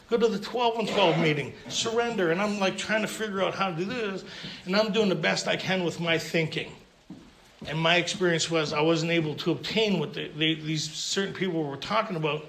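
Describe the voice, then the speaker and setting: A man's voice: high-pitched, a little fast, vocal fry, a bit bright. A man telling his story at a recovery meeting, humorous and self-mocking, stammering and restarting as he goes. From Canada. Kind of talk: storytelling talk at a recovery convention. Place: convention hall with audience.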